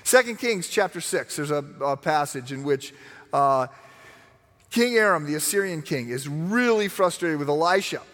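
Man, middle-aged, preaching, animated storytelling, echoing hall. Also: a little high, normal speed. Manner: animated storytelling, acts out voices. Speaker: pastor. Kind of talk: sermon.

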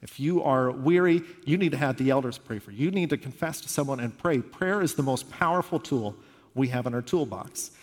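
A man preaching a sermon, earnest and conversational, retelling scripture stories in an animated way. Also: mid-range voice, fairly quick. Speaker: pastor. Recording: long reverb of a large hall.

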